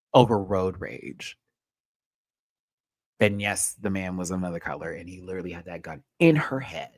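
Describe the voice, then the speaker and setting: Animated sassy man hosting a livestream. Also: low-pitched, no echo. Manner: animated, swings from hushed to loud emphatic; sassy, slangy. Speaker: host. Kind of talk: casual livestream commentary.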